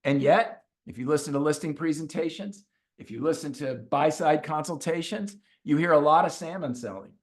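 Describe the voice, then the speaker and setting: A male executive coach gives a webinar talk full of stories. He delivers them in an animated way and hammers his points with repetition. His voice sits a little higher than most men's. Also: normal speed. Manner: animated storyteller, repeats points for emphasis.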